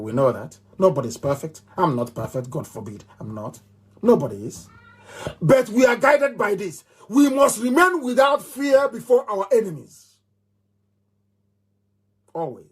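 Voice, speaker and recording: A man's voice: on the high side, slightly rough. A middle-aged man with a Nigerian accent giving a fiery live radio address, emphatic and repeating phrases like a chant. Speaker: movement leader on radio.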